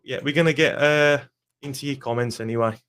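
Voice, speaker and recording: A man's voice: mid-range voice, brisk, heavy background noise. A young man, ranting angrily and swearing bluntly in a football fan vlog. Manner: angry, swears often, blunt.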